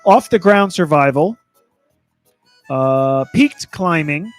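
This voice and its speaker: A man's voice: fairly high pitch, lively intonation, takes it slowly, soft background music. A man co-hosting a podcast, casually reading a list of game releases and joking as he stumbles over titles.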